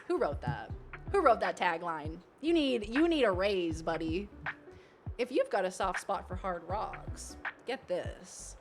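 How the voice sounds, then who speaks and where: A woman's voice: medium pitch, very animated, slow, a bit bright, faint music behind. A woman streaming a game, chatting casually with viewers and reading the game's text aloud.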